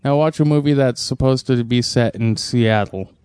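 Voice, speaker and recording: A man's voice: medium pitch, moderate pace, a little mellow, clear, resonant tone, no echo, studio quality. A man co-hosting a casual podcast, rambling with curious questions and reading out trivia. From US Northwest. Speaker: podcast co-host. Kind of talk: casual chat.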